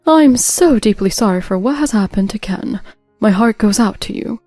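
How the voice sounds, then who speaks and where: A woman playing a kind, sorrowful older mother in a told story, soft and apologetic in every phrase. her voice stays close and dry, with a gentle weariness. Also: mid-range voice, animated, normal speed, no room sound, soft background music, lightly acted.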